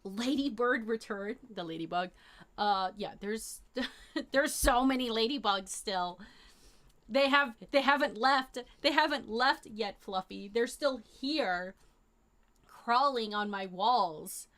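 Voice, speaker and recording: Young woman streamer just rambling to chat, bright voice, super casual and slangy. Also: fairly high pitch, slow. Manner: rambling and animated, lots of fillers and slang. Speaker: live streamer. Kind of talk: casual chat to a live chat audience.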